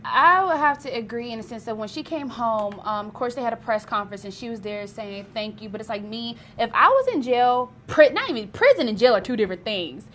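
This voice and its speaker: Young woman, pop culture correspondent, casual rambly chat, higher-pitched. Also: lively intonation, fairly quick, hardly any pauses, a bit bright, a little hiss or hum. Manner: rambling, many fillers like "you know".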